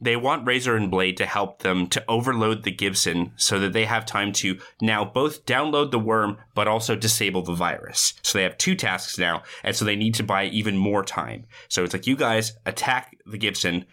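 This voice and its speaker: Low, bright-toned man recapping a plot. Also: moderate pace, hardly any pauses. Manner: matter-of-fact plot recapping. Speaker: podcast guest. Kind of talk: casual chat, recapping a movie.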